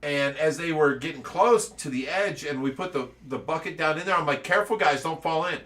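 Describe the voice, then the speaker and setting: Man, casual live-stream host, animated storyteller, bright forceful tone, slightly high voice, heard from away from the mic. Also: fairly quick, recorded from a distance. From Ohio. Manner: animated storytelling, laughing often. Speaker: show host.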